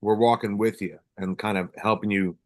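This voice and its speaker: Brief: male officer-host, deeper voice, candid, casual swearing. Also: fairly even intonation, moderate pace. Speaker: podcast host, police officer. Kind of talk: casual conversation.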